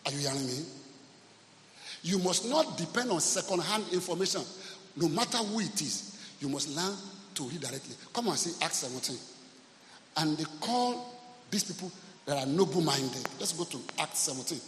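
A pastor delivers a sermon in a reverberant church, his voice a touch higher than most men's. He preaches emphatically and keeps asking his listeners whether they hear him. Faint room ambience sits under the long echo. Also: animated, normal speed, pauses often, fairly bright tone, slight background noise. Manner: emphatic preaching, repeatedly asks the congregation if they are listening. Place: church service. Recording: echoey hall, faint ambience.

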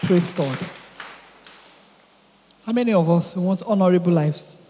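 A woman's voice: on the low side, measured pace, long reverb tail, background noise. A Nigerian woman preaching a sermon, exhorting her listeners and acting out stories in quoted voices. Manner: exhorting, animated storytelling with quoted dialogue.

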